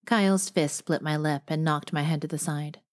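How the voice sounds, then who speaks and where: A woman narrating a romance audiobook in a steady first-person storytelling manner. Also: deep voice, moderate pace. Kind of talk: scripted narration.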